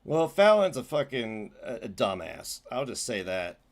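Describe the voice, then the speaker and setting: A man's voice: mid-range voice, very animated, a little slow. A man hosting a livestream, giving heated, sarcastic, profane commentary as he reacts to clips.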